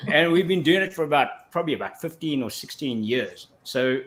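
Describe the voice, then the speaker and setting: A man's voice: on the high side, expressive, a little fast, fairly bright tone. A man from Africa, telling his story as a guest on a casual interview show, full of restarts. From South Africa. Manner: rambling with frequent restarts. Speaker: guest actor.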